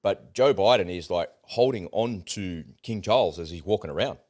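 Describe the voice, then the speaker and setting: A very low-voiced man co-hosting a political talk show. He talks bluntly, swears freely and rants with exasperation. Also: expressive, moderate pace, darkish tone. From Australia. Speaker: co-host. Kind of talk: casual political chat.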